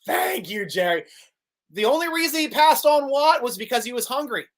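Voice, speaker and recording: Man hosting a sports vidcast, excitable, laughs a lot, lively up-and-down delivery. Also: very high voice, normal speed. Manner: excitable, laughs often, animated. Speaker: host. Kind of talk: live sports vidcast, reading viewer comments.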